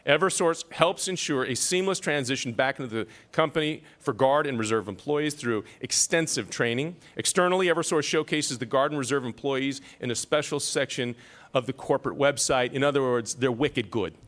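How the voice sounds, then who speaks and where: A man's voice: mid-range voice, brisk, a bit bright. A man emceeing an awards ceremony, reading citations with self-deprecating joking asides.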